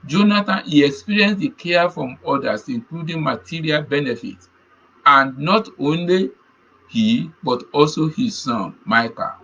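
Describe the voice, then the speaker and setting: A man's voice: a little high, animated, measured pace, sharp tone, husky, dull audio. A man preaching a sermon, telling a personal testimony in an earnest way and repeating key phrases. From Nigeria.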